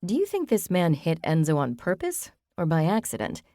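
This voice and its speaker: A woman reads as a bubbly hostess, quick with exclamations and teasing. It sounds close and dry, an everyday low voice. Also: huge pitch swings, warm tone, no echo.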